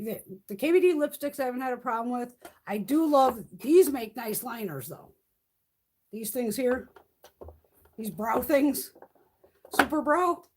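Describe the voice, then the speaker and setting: Her voice is a little high and a little mellow, with a slight hiss or hum in the audio. The middle-aged beauty vlogger chats casually on a live stream from home, swearing without restraint and cooing at her cats.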